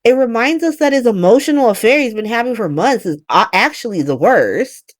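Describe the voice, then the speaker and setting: A woman's voice: on the high side, animated, brisk, no room sound, studio quality. A woman casually recapping a soap opera as host, blunt and profane, acting out the characters' lines.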